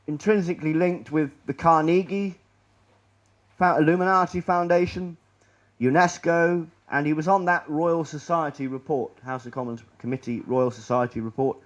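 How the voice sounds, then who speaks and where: A man giving a public presentation in a lecture room, rambling and sardonic, often trailing off quietly. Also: on the high side, fairly even intonation, moderate pace.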